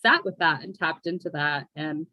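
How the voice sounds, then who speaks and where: A woman's voice: deep voice, normal speed, bright, forceful tone, no room sound, rough recording. A young woman from the United States, chatting casually as a guest poet with lots of fillers. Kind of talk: casual conversation. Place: remote call from abroad.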